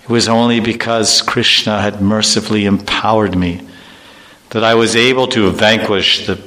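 A man's voice: on the low side, sharp tone. A man voicing a grieving warrior prince who mourns his lost friend, reciting his lament in an earnest, mournful way for a devotional story.

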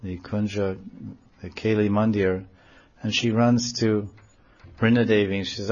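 A man telling a devotional story in a sermon, animated and acting out the quotes in it, in a dull, lo-fi recording. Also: on the low side, measured pace, pauses often. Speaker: religious storyteller.

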